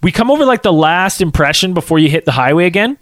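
A man telling a casual anecdote, acting out quotes in an animated way and saying "like" a lot. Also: sits high, fast, no room sound, clean studio sound.

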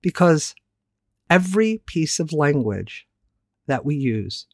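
Lively, candid woman speaking solo. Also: low-pitched, takes it slowly, dry recording, clean studio sound. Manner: candid, animated, casually profane. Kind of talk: reflective solo monologue.

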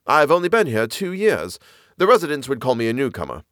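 Man reading keen naturalist gentleman, lecturing, animated pitch, dry close sound. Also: fairly quick, no echo. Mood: explaining.

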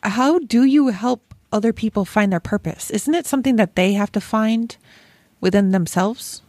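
A woman's voice: medium pitch, normal speed, a little mellow, dry recording. Candid woman chatting, dry close sound. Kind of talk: conversational podcast talk.

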